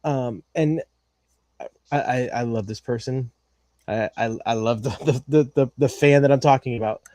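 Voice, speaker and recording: A man's voice: mid-range voice, normal speed, dark tone, no room sound. A man co-hosting a racing podcast, talking in a rambling way with many fillers and restarts. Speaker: podcast co-host. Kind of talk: casual chat.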